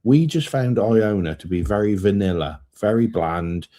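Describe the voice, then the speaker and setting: A man's voice: fairly low pitch, expressive, moderate pace, warm tone. A man co-hosting a live travel stream, giving opinions with dry, teasing banter. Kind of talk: casual live chat.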